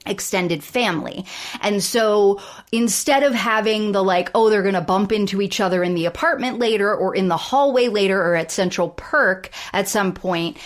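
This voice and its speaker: A woman co-hosting a podcast in casual chat about sitcoms, animated and acting out quoted lines. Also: mid-range voice, moderate pace. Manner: animated, acts out quoted lines in big voices. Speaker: podcast co-host.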